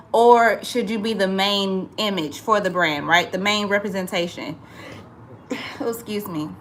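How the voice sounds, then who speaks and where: A woman's voice: medium pitch, fairly bright tone. A woman chatting casually on a livestream, greeting viewers by name and calling them y'all. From St. Louis. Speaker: livestream host and entrepreneur.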